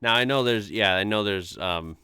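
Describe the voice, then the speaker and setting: A man's voice: fairly low pitch, moderate pace, sharp tone, clean tone, dry recording, clean studio sound. A man hosting a reaction video, talking casually and chiming in with laughs and short remarks. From United States. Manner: chatty, laughs along, interjects.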